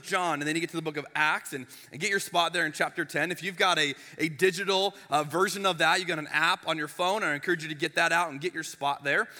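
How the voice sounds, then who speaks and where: A man, the lead pastor, telling a story in a chatty, animated sermon in a church sanctuary. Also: on the high side. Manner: animated, chatty, with frequent restarts and asides. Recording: long reverb of a large hall.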